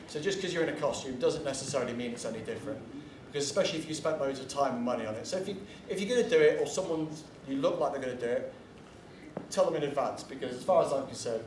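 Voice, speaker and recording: A man's voice: mid-range voice, very fast, a little mellow, a little hiss or hum. A man giving a casual convention panel talk, chatty and blunt, drifting into asides and the odd swear word. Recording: echoey room from far off, faint ambience.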